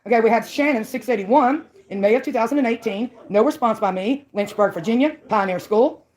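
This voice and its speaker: A woman's voice: on the high side, fairly quick, darkish tone. A woman from Mississippi, ranting on her own channel in a combative, mocking way. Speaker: channel owner. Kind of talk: ranting call-out vlog.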